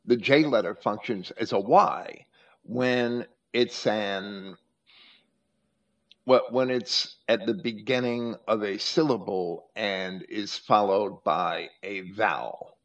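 Man, scripture study host, very slow deliberate delivery, hesitant restarts, muffled lo-fi sound. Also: fairly low pitch. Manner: deliberate, explanatory, with frequent hesitations. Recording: muffled lo-fi recording.

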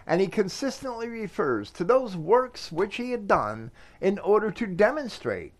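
A man giving a scripture commentary, reading verses aloud with measured emphasis. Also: high voice, big pitch swings. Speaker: Bible teacher.

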